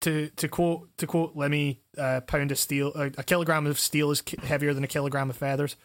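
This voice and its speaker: A man's voice: on the high side, little pitch movement, fairly quick. A man hosting a casual podcast chat, swearing and restarting his sentences. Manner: swearing, stammering restarts, laughing often. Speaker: podcast host.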